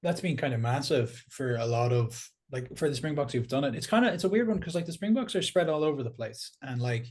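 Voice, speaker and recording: An Irish man talking in a casual podcast chat, ranting in an animated, sweary way and laughing as he goes. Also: mid-range voice, fairly quick, few pauses.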